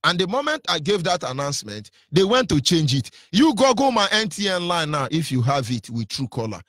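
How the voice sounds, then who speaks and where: Nigerian man, radio broadcaster, fiery preacherly delivery, husky voice, dry sound. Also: fairly high pitch, big pitch swings, brisk, a bit bright, no room sound. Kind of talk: impassioned radio sermon.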